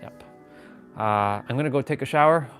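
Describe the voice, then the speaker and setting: A man's voice: mid-range voice, normal speed, a bit bright, faint music behind. A man chatting casually on a live stream from his phone at home, rambling and greeting viewers by name. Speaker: vlogger. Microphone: phone on gimbal.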